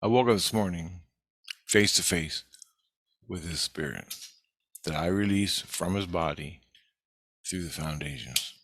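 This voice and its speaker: A man's voice: deep voice, measured pace, long pauses, fairly bright tone, no echo. A man giving a rambling, profane spiritual video update in an agitated way. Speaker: vlogger.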